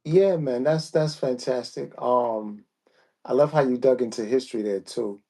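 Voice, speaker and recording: A male podcast host with a gravelly, creaky edge to his voice. He speaks in slow, measured phrases, filling gaps with "um" as he frames his questions. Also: medium pitch, warm tone. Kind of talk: casual podcast interview.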